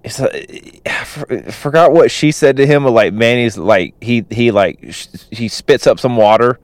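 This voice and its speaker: A man's voice: mid-range voice, normal speed, dry recording. A man casually recapping a movie plot, rambling with lots of "you know" and "like" fillers. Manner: laughs while retelling.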